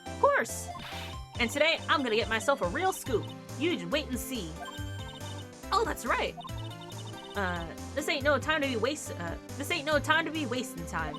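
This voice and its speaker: Brief: a woman putting on an eager Southern-accented girl photographer, loud and bouncy, game music under her. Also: sits high, very animated, normal speed, voice pushed up. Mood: boastful. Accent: American Southern. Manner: loud, eager, folksy drawl. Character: brash young female paranormal photographer.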